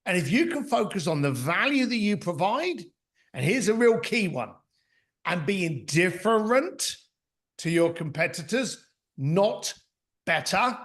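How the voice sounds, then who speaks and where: A man's voice: high voice, very animated, a little slow, a bit bright. A middle-aged man, an author and mentor, speaking as a podcast guest. He talks bluntly in anecdotes and acts out what other people said. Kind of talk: conversational storytelling.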